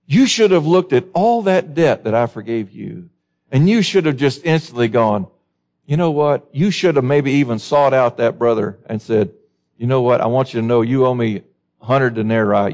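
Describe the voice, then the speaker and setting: A male pastor delivering a sermon with passion and conviction. His voice climbs sharply into high, insistent peaks as he quotes scripture, then drops back to press the congregation with pointed questions. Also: a little mellow. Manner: impassioned, rising to high emphatic peaks when quoting scripture.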